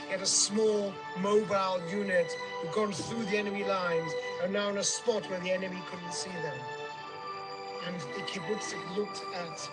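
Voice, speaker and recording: A man's voice: high voice, steady tone, moderate pace, rough recording. A man telling a vivid, dramatic story as a tour guide, recorded outdoors on a hillside. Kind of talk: on-location storytelling narration. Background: background music.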